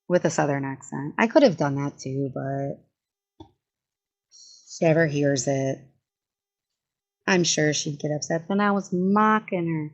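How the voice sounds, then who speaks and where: Sarcastic lower-voiced woman streaming. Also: moderate pace, long pauses. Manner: chatty and sarcastic, frequent laughs and self-interruptions. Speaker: commentary streamer. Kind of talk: casual livestream commentary.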